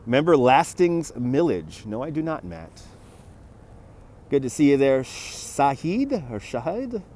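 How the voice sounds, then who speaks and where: Speaking in a sing-song, dark-toned mid-range voice at a measured pace, a New York man in his forties livestreams a stroll by a city harbor. He reads comments and greets viewers by name casually, recorded on a phone mounted on a handheld gimbal with traffic in the background.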